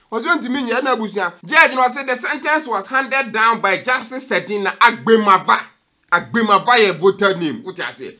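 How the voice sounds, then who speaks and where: High bright Ghanaian man hosting. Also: a little fast. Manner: lively, jokey, code-switching. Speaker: vlog host. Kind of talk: news reaction vlog.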